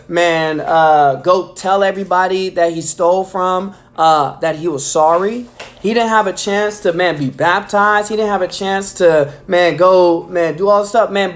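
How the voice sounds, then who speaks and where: A man delivering a casual weekly devotional message, enthusiastic and filling his talk with "man" and "um". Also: sits high. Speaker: preacher.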